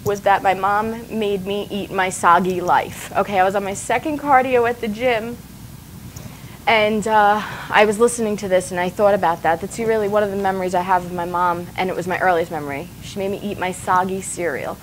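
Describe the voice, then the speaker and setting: A woman's voice: medium pitch, fairly even intonation, a little fast, slight background noise, rough recording. A woman in her forties, a talk show guest, speaking earnestly while tearful and emotional. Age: 40s. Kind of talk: casual interview.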